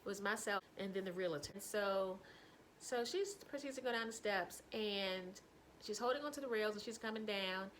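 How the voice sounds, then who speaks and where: A woman telling a personal story to camera, animated, breaking into laughter and hushed asides. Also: mid-range voice, normal speed, slight background noise, poor audio. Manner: animated, breaks into helpless laughter, drops to whispers.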